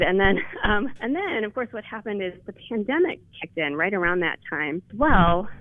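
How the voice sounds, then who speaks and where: A woman's voice: mid-range voice, no room sound. A woman calls in to a radio interview, telling her story in a chatty, eager way with frequent restarts. Her voice comes through a thin, tinny phone line. The sound is dry, with no room around it. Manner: chatty, enthusiastic, many restarts. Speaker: interview guest, linguist. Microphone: telephone.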